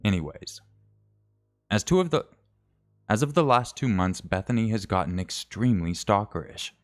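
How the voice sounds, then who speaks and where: A man's voice: lowish voice, animated, normal speed, faint music behind. A man streaming, reading a scary story aloud in a casual way, correcting his slips and adding wry asides.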